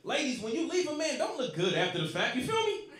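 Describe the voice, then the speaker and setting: A man's voice: extremely high pitch, huge pitch swings, quick pace, a bit bright, slight background noise. A man from Los Angeles, telling profane, rowdy stories in a stand-up set. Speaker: stand-up comedian. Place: comedy club stage. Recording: echoey club with crowd laughter. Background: audience laughing.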